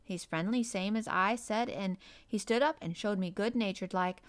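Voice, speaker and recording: A woman's voice: mid-range voice, moderate pace, close to an everyday voice. A woman voicing Dickon, an earnest Yorkshire lad. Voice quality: broad dialect, homely. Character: friendly Yorkshire farm boy, gentle and earnest.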